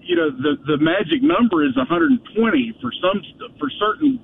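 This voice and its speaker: A man's voice: very high-pitched, very animated, brisk, vocal fry. A man calling in to a radio talk show, chatting casually and rambling with many restarts. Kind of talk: casual call-in chat. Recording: muffled phone line with faint hiss.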